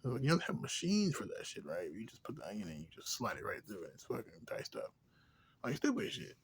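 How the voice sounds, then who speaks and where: A man ranting in a rambling, profane, casual way, drifting between low mutters and louder outbursts. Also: wildly swooping pitch, brisk, slight background noise. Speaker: vlogger.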